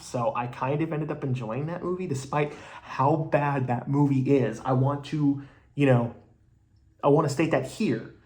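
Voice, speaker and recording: A man talks through a movie review in a loose, rambling way, leaning on fillers like "you know" and "like." He speaks bluntly and swears now and then, in a voice of ordinary middle pitch. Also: a little mellow. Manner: blunt and casually profane. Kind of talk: casual spoken movie review.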